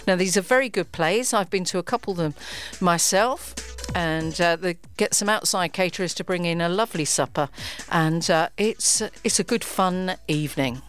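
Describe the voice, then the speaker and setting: A woman presenting on local radio, reading out event listings and dates in an unhurried way and adding a friendly recommendation. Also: lowish voice, faint music behind.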